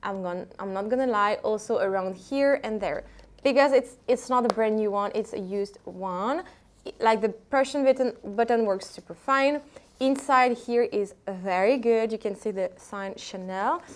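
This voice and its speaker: A woman's voice: medium pitch, normal speed. A woman from France with a French accent, casually showing secondhand bags in a vlog and talking with hesitant, chatty restarts. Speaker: vlogger selling secondhand luxury bags. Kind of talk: casual product showcase.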